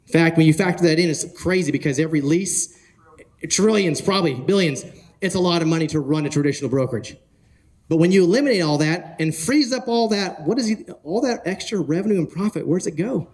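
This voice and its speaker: A man giving an energetic talk at a conference, often asking the audience questions and joking with them. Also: fairly high pitch, brisk, slightly rough. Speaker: conference speaker. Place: conference hall.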